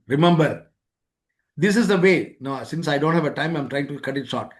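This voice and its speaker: A man with a slightly high voice gives a life-skills webinar lecture over a remote microphone at a moderate pace. He repeats his points and acts out both sides of everyday exchanges.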